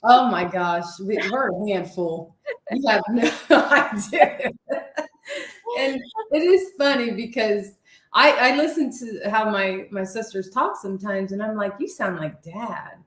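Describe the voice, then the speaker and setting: A woman's voice: medium pitch, measured pace, echoey room. A woman from Ohio with a Southern US accent, co-hosting a casual chat and telling family stories. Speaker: co-host.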